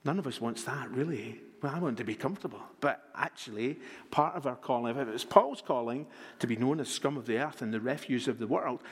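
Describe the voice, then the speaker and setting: A man preaching a sermon to a congregation, expressive, dropping to a hush on key words. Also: medium pitch, brisk, slightly rough. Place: church. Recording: long reverb of a church hall.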